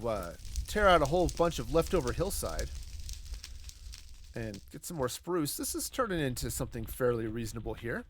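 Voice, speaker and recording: Man, game streamer, lively pitch, rambling, jokey, chats with viewers, faint clicks behind. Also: a little hiss or hum. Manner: rambling, jokey, talks to himself and to chat. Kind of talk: casual live gameplay commentary.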